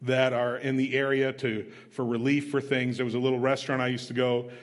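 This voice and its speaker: A man's voice: medium pitch, level tone, a little fast. A man preaching a sermon, retelling a story in a plain, conversational way with emphatic asides. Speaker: missionary preacher. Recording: long reverb of a large hall.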